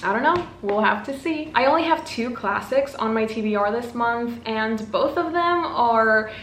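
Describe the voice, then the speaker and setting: A woman's voice: a little high, expressive, normal speed, a bit bright, a little hiss or hum. Bubbly, self-mocking young woman. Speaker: booktuber. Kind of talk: casual vlog chat. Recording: echoey room with faint ambience.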